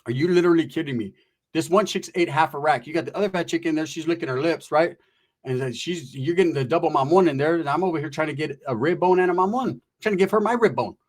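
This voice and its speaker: A man's voice: a little high, quick pace. A man telling a rambling comic story in crude, profane language, acting out the people he quotes.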